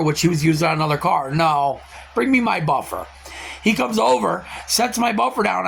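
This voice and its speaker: High-pitched gravelly guy ranting about his workers, swings all over, faint noise behind. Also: brisk. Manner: animated storytelling with loud quoted outbursts and profanity. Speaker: car reseller vlogger. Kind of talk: casual venting vlog.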